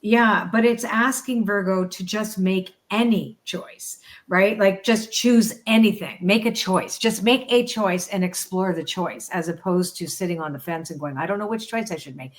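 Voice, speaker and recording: A woman's voice: mid-range voice, steady tone, unhurried, hardly any pauses. A woman with a mid-range voice reads oracle cards in an easy, conversational tone. She is reflective and keeps checking in with her listener as she explains each card. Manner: reflective, often checks in with "right?".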